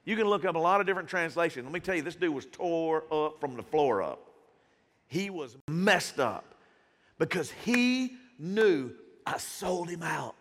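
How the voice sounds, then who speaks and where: A male pastor preaches with a high, lively voice that leaps up and down. His tone is bright and forceful and his talk is casual and full of slang. A long church reverb trails each phrase. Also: normal speed. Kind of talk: sermon. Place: church sanctuary.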